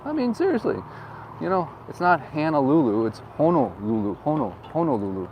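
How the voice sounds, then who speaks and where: An upbeat real estate agent jokes and rambles through a casual street tour as he rides through town outdoors. His fairly high voice swings widely in pitch at a fairly quick pace, and the recording from his windsock mic is muffled, with faint wind and street traffic behind him.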